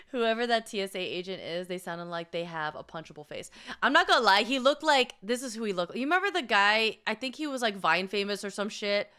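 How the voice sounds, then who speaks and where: Bright, animated young woman chatting. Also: mid-range voice, a little fast, clean tone. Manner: profane, animated, laughs often, acts out quotes. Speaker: vlogger. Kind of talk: casual storytelling chat.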